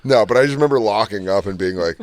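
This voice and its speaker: Low-voiced man swapping crude stories. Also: fast talker, a little mellow. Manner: profane, laughing storyteller. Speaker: podcast co-host. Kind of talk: casual banter.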